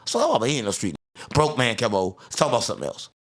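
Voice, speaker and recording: A man hosting a podcast, teasing his co-host loudly and shouting at times. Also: medium pitch, huge pitch swings, racing. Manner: loud, teasing, swings to shouting. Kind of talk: casual podcast banter.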